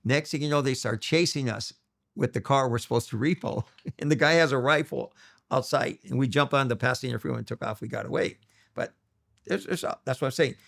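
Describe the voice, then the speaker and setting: A middle-aged man with a gravelly, rough-edged voice recounts stories in a relaxed interview. He slips into the voices of the people in his stories, and his pitch sits in an ordinary middle range. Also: a little fast. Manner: animated storyteller, acts out quoted voices. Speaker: interview guest. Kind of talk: storytelling interview.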